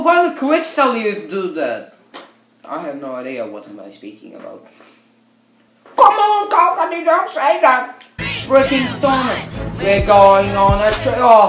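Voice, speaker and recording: Brief: woman gamer, foul-mouthed, lively pitch jumps, slow delivery, roomy echo, faint music behind. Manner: swears a lot, swings from mutters to excited shouting. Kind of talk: let's-play commentary. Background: faint background music.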